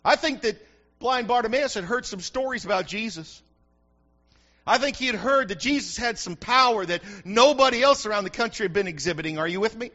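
Male pastor, very high bright voice, fervent sermon delivery, dull lo-fi recording. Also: animated, fairly quick. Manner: fervent preaching, asking the congregation for response. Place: church.

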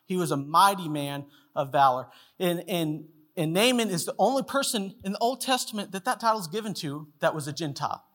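A man's voice: high-pitched, lively intonation, fairly quick, a bit bright. A man preaching a sermon, telling a story in a casual way and acting out the people in it. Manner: storytelling, acts out quoted voices. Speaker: pastor.

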